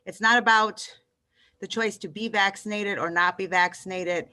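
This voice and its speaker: A woman's voice: mid-range voice, fairly even intonation, moderate pace, pushed and bright. A woman calling in to a public meeting, out of breath, urging a vote in an urgent, persuasive way. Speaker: caller. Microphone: call-in line.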